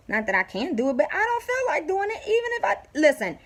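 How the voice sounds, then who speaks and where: A woman's voice: extremely high pitch, very animated, fast talker, few pauses, fairly bright tone. A woman telling a story in a casual vlog, blunt and profane, with lots of animation. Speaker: vlogger.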